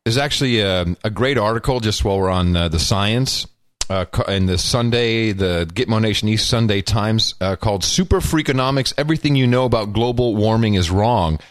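A wisecracking male podcast co-host with a somewhat low voice, rambling through his points with many fillers. The sound is dry and close, with no room around it. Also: brisk, no echo. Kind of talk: casual political chat.

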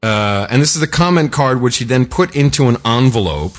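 A man's voice: mid-range voice, animated, fairly quick. A man co-hosting a talk podcast, telling stories in a joking, casual way with frequent laughs. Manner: joking, storytelling, laughs often. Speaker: podcast co-host. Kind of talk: casual chat.

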